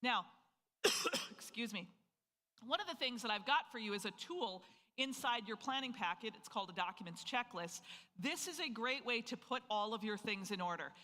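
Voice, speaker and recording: Seminar presenter from north dakota, bright edge, energetic, rhetorical questions, long hall reverb. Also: mid-range voice, normal speed. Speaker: financial planning presenter. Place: event hall with a live audience.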